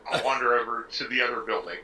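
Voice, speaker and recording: A man's voice: medium pitch, fast talker, bright, forceful tone, a little hiss or hum. A man playing a tabletop game, speaking hesitantly and giggling. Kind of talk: casual chat. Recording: distant echoey mic.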